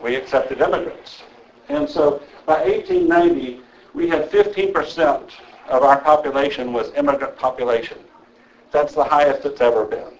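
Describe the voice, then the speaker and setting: A man's voice: medium pitch, expressive, normal speed, rough recording. Older man giving a chatty lecture. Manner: conversational, with frequent "okay?" check-ins. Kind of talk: evening lecture to an audience.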